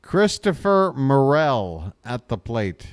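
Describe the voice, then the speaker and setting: A man hosts live fan play-by-play of a baseball game in a folksy, joking way. His voice is smooth and clear, and he takes his time. The sound is dry and close-miked. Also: mid-range voice, sing-song, takes it slowly, no room sound. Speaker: play-by-play host.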